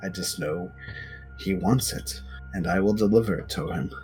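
A man voicing a gravelly female war priestess of a dark god, speaking in a solemn, measured way. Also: low voice, lively intonation, soft background music, rough recording. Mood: cold.

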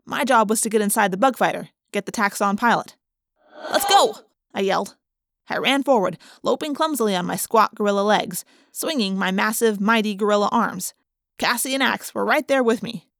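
A woman's voice: medium pitch, brisk, a bit bright, no room sound, clean studio sound. A woman narrating a children's adventure book in the first person, reading with dramatic expression. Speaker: audiobook narrator.

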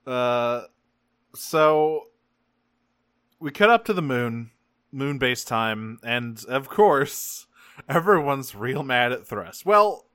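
Bright-voiced man, casual joking recap. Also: medium pitch, lively intonation, clear, resonant tone, dry recording, studio quality. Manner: joking, swears often, drops into quick character voices. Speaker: podcast co-host. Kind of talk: casual chat recapping a cartoon.

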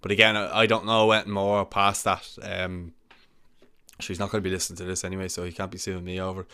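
A man's voice: sits low, little pitch movement, quick pace, pushed and bright, clean tone. A man in casual podcast chat, telling gossipy stories and chuckling along.

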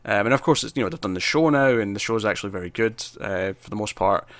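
A podcast co-host with a lowish, somewhat bright, animated voice chats quickly and casually about a list of films, rambling with many restarts and fillers and acting out quotes. The recording is dry.

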